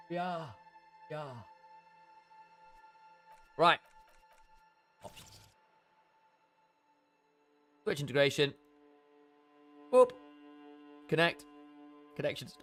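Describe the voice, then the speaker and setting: A man's voice: a little high, expressive, very slow, long pauses, fairly bright tone, soft background music. A man streaming a game live, chatting casually to viewers and muttering to himself while he fiddles with his settings.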